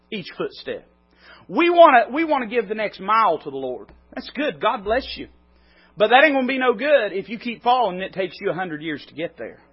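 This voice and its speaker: A man preaching a sermon, swinging between loud climbs and quiet drops. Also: high-pitched, slightly rough, lo-fi sound. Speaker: pastor.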